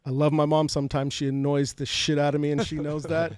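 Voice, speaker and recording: With a fairly high pitch, flat delivery, and quick pace, a man in his forties from Fresno, California, speaks in a slightly mellow voice. He's a podcast guest candidly sharing emotional life stories and often repeating words in a personal storytelling interview. His podcast studio mic picks up no room sound.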